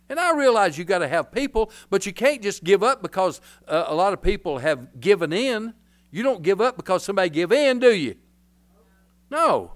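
An older man with a drawl delivers a rambling, folksy sermon. His voice sits high for a man, and he swings from quiet asides to loud hollers. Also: very animated, a little fast. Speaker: pastor.

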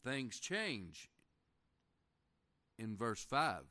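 A man preaching a folksy sermon, reading scripture slowly and asking the congregation questions. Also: medium pitch, animated, fairly bright tone. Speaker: pastor.

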